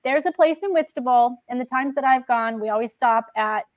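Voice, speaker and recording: A woman hosting a casual chat, enthusiastic and giggly, talking warmly with her guest. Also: a little high, a little fast, no echo, lo-fi sound. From United States. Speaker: host.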